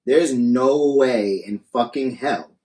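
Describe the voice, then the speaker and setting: A man's voice: medium pitch, slow, mellow. Male podcast co-host, mid-range voice, casual and foul-mouthed, talks close to a studio mic. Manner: blunt and profane, acts out hypothetical arguments.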